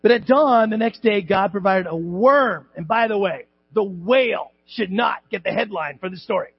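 A male pastor preaching a sermon in a church, animated and joking, acting out voices and shouting at times. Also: high voice, moderate pace, vocal fry, husky, no room sound, lo-fi sound. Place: church sanctuary.

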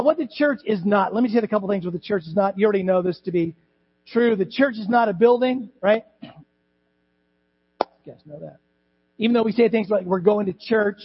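A man's voice: sits high, slightly rough. A man preaching a conversational sermon as pastor in a church, repeating words and adding asides to the congregation. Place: church sanctuary. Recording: dull lo-fi with mains hum.

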